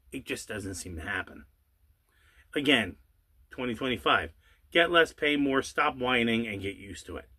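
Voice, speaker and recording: A gravelly yet bright voice, fairly high and forceful, drives this host's angry rant on his own channel. Sarcasm, rhetorical questions and an occasional curse fill it, and he lingers slowly over certain words to stress them.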